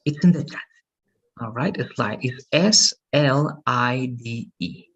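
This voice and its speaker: A man's voice: medium pitch, animated, takes it slowly, a bit bright, husky, lo-fi sound. A man teaching English in an online lesson, patient and repeating "okay" and "right" often, heard over a video call.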